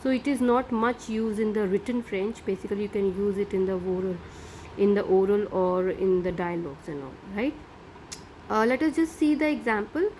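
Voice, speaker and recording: A woman's voice: mid-range voice, moderate pace, a little mellow, slight background noise. A middle-aged woman teaching a French grammar lesson, explaining patiently step by step and checking in with "right?".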